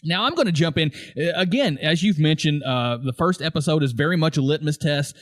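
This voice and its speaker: A man's voice: fairly high pitch, expressive, brisk, dry recording, studio quality. A man co-hosting a casual podcast, laughing often as he retells favorite scenes and acts out quoted lines. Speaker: podcast co-host. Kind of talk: casual podcast chat about a TV show.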